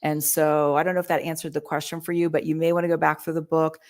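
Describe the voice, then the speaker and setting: A woman talking through communication skills on a podcast, teaching in a lively way and acting out quoted lines. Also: low voice, quick pace. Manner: animated teaching, acts out quoted voices. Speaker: real estate agent. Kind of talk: podcast conversation, coaching.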